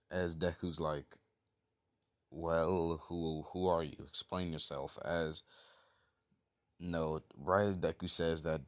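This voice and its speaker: With a low voice, a man narrates a fan-made what-if story in a casual, rambling way, packed with fillers and the occasional swear.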